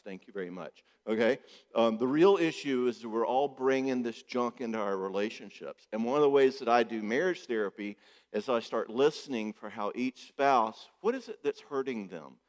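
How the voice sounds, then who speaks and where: Guy doing a jokey marriage talk, mid pitch, lots of "okay?", big echoey church hall. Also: normal speed. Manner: joking, conversational, keeps checking in with "okay?". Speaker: marriage therapist speaking at a conference. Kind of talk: conference talk.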